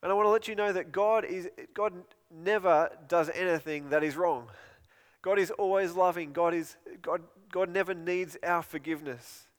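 A man's voice: high voice, steady tone, moderate pace, long reverb tail. A man preaching a sermon in an earnest, pleading way, often repeating and restarting phrases.

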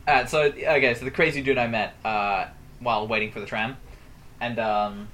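A young man chats loosely as the podcast's host, with a rambling, sweary delivery. His voice sits at an ordinary middle pitch for a man. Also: steady tone, normal speed, a bit bright. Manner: rambling, profane, laughing. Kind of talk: casual storytelling chat.

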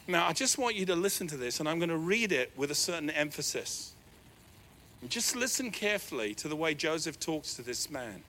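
Bright, animated male preacher. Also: fairly quick, slight background noise. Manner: animated preaching, swings from loud raised pitch to quiet asides. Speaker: pastor. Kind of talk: sermon.

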